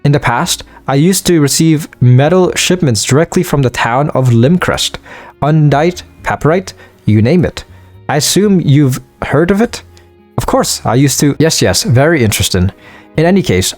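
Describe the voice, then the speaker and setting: A self-absorbed inventor muses aloud about his machines, as a man reads his lines. His delivery is lively and rises and falls a lot. Faint game music plays under him. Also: mid-range voice, moderate pace, lightly acted. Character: eccentric male inventor, absorbed in science.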